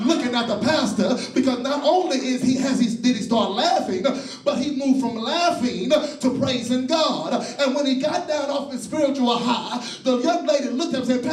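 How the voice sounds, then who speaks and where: A man preaching a sermon in a church, repeating phrases, calling on the congregation and building to shouts. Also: very high voice, moderate pace. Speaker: pastor. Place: church sanctuary. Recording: echoey church from a distance.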